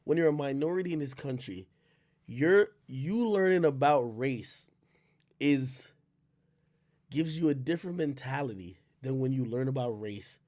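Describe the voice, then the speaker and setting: Profane man ranting on stream. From Jamaica. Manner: animated, profane, swings from loud rants to low muttering. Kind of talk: ranting livestream commentary.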